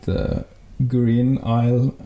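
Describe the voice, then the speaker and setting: A man's voice: medium pitch, level tone, extremely slow, warm tone, a little hiss or hum. A man co-hosting a podcast in casual chat, hesitant and full of filler words. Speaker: podcast co-host. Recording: roomy echo.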